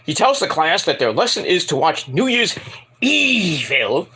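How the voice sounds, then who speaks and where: Husky, animated man reviewing wrestling. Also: a little high, measured pace. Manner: rambling, profane and opinionated; animated, bursts into put-on voices. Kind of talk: casual vlog review.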